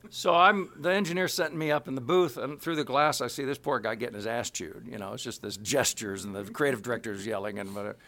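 A man in his sixties from Kansas City, telling animated stories as an interview guest. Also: mid-range voice, fast, few pauses. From Kansas City, USA. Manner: animated, acts out quotes, laughs. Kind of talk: anecdotal storytelling.

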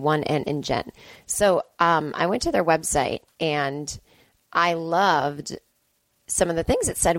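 A woman with a low, hoarse, strained voice, hosting a podcast in a casual, rambling way. She drifts between chat and an ad read and slips into cooing baby talk. The recording is dry and close. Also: no room sound. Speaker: podcast host. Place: sister's home, indoors.

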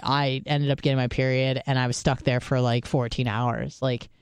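A woman's voice: a bass voice, level tone, normal speed, clear, resonant tone, no room sound. Woman podcast host, swears freely and rambles through her stories, clean voice in a dry room. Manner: profane, rambling storyteller. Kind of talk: casual chat.

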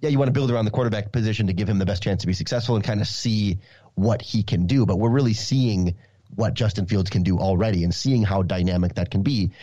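Male guest, casual sports talk, low voice, dull dry lo-fi audio. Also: dark tone, no room sound. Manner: talkative, repeats words as he thinks. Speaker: podcast guest.

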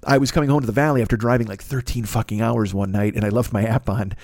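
A man's voice: medium pitch, fast, no echo. Middle-aged guy on a podcast, swearing a lot, rambling story, dry close mic. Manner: profane, rambling, animated storyteller. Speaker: podcast host. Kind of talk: casual storytelling chat.

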